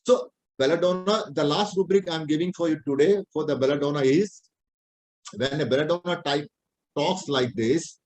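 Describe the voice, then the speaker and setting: Middle-aged Indian-accented male doctor, lecturing, somewhat high pitch, plain repeated explanations. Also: normal speed, darkish tone, rough recording. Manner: plain-spoken, repetitive explaining, non-native English phrasing. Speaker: homeopathic doctor teaching.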